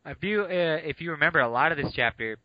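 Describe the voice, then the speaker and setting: A man's voice: on the high side, expressive, fast talker, no echo, lo-fi sound. A man co-hosting a podcast, chatting casually and playfully about a novel, easily sidetracked. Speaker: podcast co-host. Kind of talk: casual book discussion.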